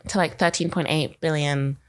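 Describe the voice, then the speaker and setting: A woman's voice: low-pitched, steady tone, normal speed. A young woman co-hosting a marketing podcast, chatting casually and rambling, filling her talk with "like". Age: young adult. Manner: chatty, rambling, uses "like" constantly. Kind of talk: casual chat.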